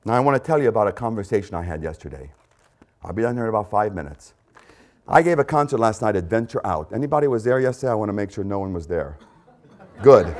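A man preaching a sermon, repeating phrases for emphasis and swinging between loud emphatic lines and quiet storytelling. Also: mid-range voice. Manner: dramatic, swings between shouting and hushed storytelling.

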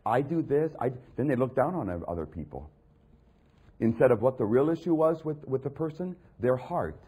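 A man preaching a sermon, reading scripture and mocking other voices, building to loud peaks. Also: medium pitch, animated, moderate pace, husky.

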